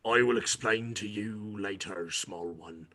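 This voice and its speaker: A man voicing a gruff, hulking male warrior who speaks in slow, grave, clipped phrases. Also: fairly low pitch, pushed and bright. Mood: solemn.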